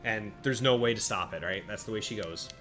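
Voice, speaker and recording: A man giving casual live-stream commentary while playing a monster-battle game, chatting with viewers by name and reacting out loud to each turn. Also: on the low side, brisk. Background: faint game music.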